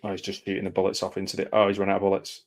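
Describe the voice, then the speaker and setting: A man giving casual live commentary over a film, reacting aloud and often dropping into quiet mumbled asides. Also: low-pitched, completely flat delivery, racing.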